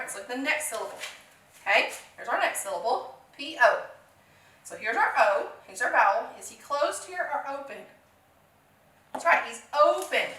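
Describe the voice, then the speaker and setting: A woman's voice: sits high, sharp tone, echoey room, distant mic. A woman teaching a phonics lesson to young children, encouraging them, asking questions and answering them herself.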